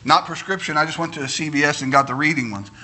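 A man's voice: fairly high pitch, fast talker, sharp tone. A middle-aged male pastor preaching a sermon, telling homey stories that build into fervent preaching.

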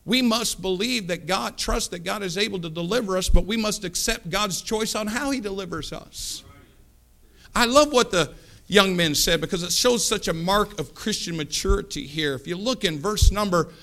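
A man preaching a sermon, fervent, swinging from low asides to loud climaxes and acting out Bible characters as he tells the stories. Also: normal speed. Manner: acts out Bible characters in the telling.

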